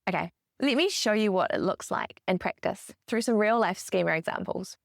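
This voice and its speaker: A woman's voice: medium pitch, normal speed, creaky, no room sound, clean studio sound. A woman hosting a solo parenting podcast, explaining in a coaching tone and lifting her voice when she acts out example phrases. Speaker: podcast host.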